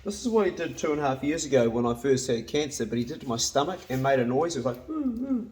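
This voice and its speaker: A New Zealand hunting and cooking vlogger in his fifties chats casually to camera in his home kitchen, blunt, swearing freely, and laughing easily. His voice is medium-pitched, a little mellow, and quick.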